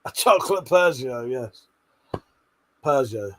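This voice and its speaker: A man's voice: mid-range voice, expressive, slow pace, slight background noise. A man hosting a casual late-night livestream, reading out chat messages with lots of swearing, laughter and joking banter.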